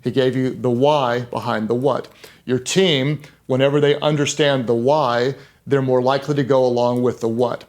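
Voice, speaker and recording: A man's voice: medium pitch, steady tone, normal speed, darkish tone. A middle-aged man with a mid-range voice gives a leadership talk as a pastor. He speaks emphatically in a conversational way and hammers key words by repeating them. Now and then he drops in a self-deprecating aside.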